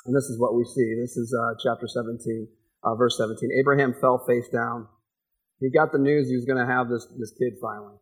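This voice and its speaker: A man's voice: mid-range voice, steady tone, fairly quick, breathy edge. A man in his forties preaching a casual, conversational sermon, laughing often and acting out the people in the story. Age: 40s. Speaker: pastor.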